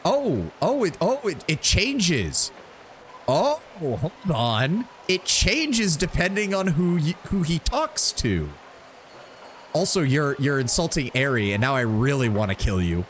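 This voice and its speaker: A man's voice: on the high side, sing-song, unhurried, a little hiss or hum. A man giving chatty, joking commentary while streaming a video game. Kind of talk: live gameplay commentary.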